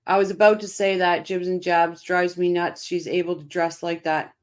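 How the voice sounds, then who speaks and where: A woman's voice: on the low side, little pitch movement, normal speed. A woman hosting a casual live-stream, reading out viewer comments by name and answering them with emphatic, impassioned commentary, often repeating her phrases.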